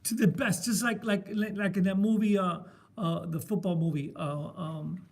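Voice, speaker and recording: A man's voice: sits high, steady tone, normal speed. A middle-aged man leading a men's group, sharing his faith in a passionate, emphatic way and repeating his key words like a preacher.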